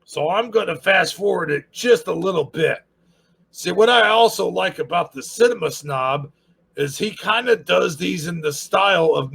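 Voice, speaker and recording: A man's voice: fairly high pitch, gravelly, fairly bright tone, breathy edge. A man hosting a casual channel review, sarcastic and rambling.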